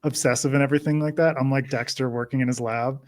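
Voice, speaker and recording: A man's voice: mid-range voice, fairly even intonation, fast, darkish tone. A man who is a parent of young children, chatting casually as a podcast guest and laughing often. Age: parent of young kids. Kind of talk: casual chat.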